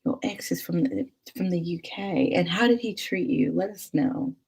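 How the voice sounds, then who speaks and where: Young woman, low voice, mellow and husky, chatty livestream host, casual talk with viewers. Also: normal speed. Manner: chatty, animated, laughs and whispers asides. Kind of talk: casual live chat reading comments.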